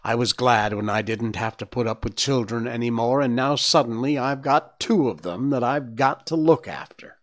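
A man voicing a grumpy, bossy older female deer in a storybook reading, grumbling in a slow, fussy manner. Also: medium pitch, lightly acted.

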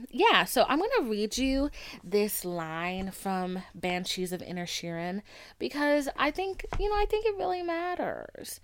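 A woman's voice: mid-range voice, clean tone, no echo. A woman in her twenties hosting a podcast in casual chat, chatty, full of "like" and casual swearing, into a studio mic. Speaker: podcast host.

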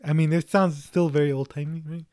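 A man's voice: fairly high pitch, steady tone, fairly quick, a little mellow, no room sound. Joking man in casual movie chat. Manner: joking, rambling, laughs often.

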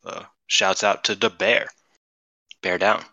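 A man's voice: sits low, steady tone, slow, bright, forceful tone, no room sound, highs cut off. A man co-hosting a podcast in casual chat, rambling with many fillers and laughs. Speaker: podcast co-host.

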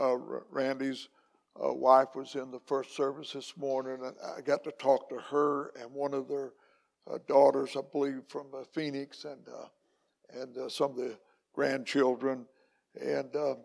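A man's voice: medium pitch, gravelly, long reverb tail. An older man, an evangelist, preaching a folksy, joking sermon in a church with plenty of fillers. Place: church sanctuary.

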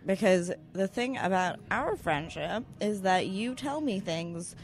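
Teasing woman with a lively voice. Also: lowish voice, unhurried, a little hiss or hum. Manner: teasing, playful. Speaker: podcast guest. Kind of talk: casual chat. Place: hotel balcony, outdoors.

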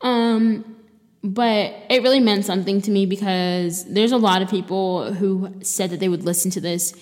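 A woman's voice: medium pitch, steady tone, normal speed, a little mellow, big-room sound. A young woman hosting a solo podcast, talking in a rambling, chatty way full of fillers and restarts. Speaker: podcast host. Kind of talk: casual solo podcast sign-off.

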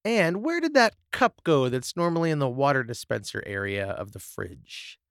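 A man with a lively, mid-pitched voice trades jokes in a loose podcast chat, riffing and laughing as he goes. The recording is dry and close. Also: moderate pace, no room sound. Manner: jokey, riffs with silly bits and laughs. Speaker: podcast co-host. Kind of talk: casual chat.

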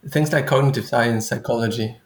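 A young man talks in a relaxed conversation, pausing and restarting as he works through his thoughts. His voice has a gravelly, creaky edge. The sound carries a noticeable echo from the room. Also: mid-range voice. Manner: thoughtful, halting, many restarts. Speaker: guest researcher. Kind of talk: casual conversation.

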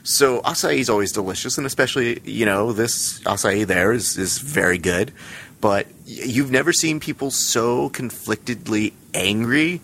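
A man's voice: medium pitch, expressive, normal speed, a bit bright, a little hiss or hum. A man chatting casually on a podcast, telling a ranting, comic story with swearing. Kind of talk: casual chat.

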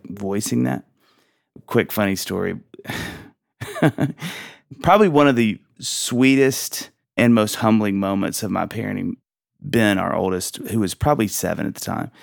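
A man in his thirties hosting a casual faith and parenting podcast, telling stories with lively acted-out quotes and frequent laughs. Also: low voice, creaky, dry recording, clean studio sound. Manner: animated storyteller, acts out quotes, laughs often. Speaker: podcast host.

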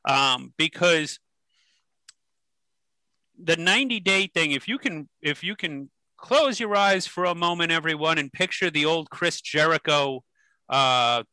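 A man's voice: on the high side, bright, forceful tone, dry recording, poor audio. A man co-hosting a podcast, posing questions and building his argument in casual chat. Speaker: podcast co-host.

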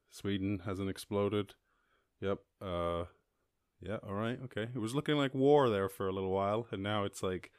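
Low-voiced Irish man rambling on a podcast. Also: normal speed, clean tone, dry recording, studio quality. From Ireland. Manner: rambling, profane, jumps into high squeaky voices for quoted people and animals. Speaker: podcast host. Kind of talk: casual solo podcast chat reading news.

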